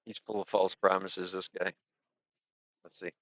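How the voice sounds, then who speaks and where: A man's voice: low voice, flat delivery, measured pace, a bit bright, no echo. A man hosting a casual livestream, rambling and joking as he talks to his viewers. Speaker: livestream host. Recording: dry, dull lo-fi sound.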